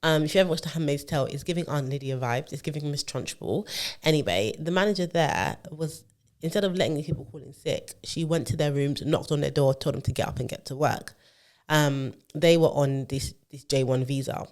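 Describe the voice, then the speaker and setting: Chatting casually on a podcast, a co-host wanders through a long story packed with fillers and self-corrections. The voice sits at an ordinary middle pitch, runs a little fast, and has a darkish tone.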